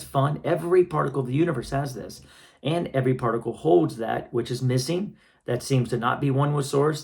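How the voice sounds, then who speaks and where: A man giving a spiritual healing lesson in a calm, patient way, often checking that listeners follow and repeating key phrases. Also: medium pitch, creaky. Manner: repetitive, reflective phrasing. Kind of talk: teaching talk to an audience.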